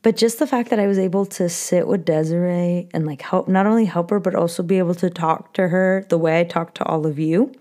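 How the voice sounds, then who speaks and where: A woman's voice: fairly low pitch, steady tone, fairly quick, hardly any pauses, dark tone. Earnest young woman podcast host. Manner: earnest and emotional, with many fillers and restarts. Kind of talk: casual podcast monologue.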